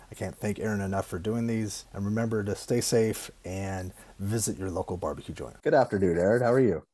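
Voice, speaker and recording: Husky, chatty male podcast host. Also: lowish voice, darkish tone. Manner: chatty, upbeat, loose with restarts. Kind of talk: casual chat.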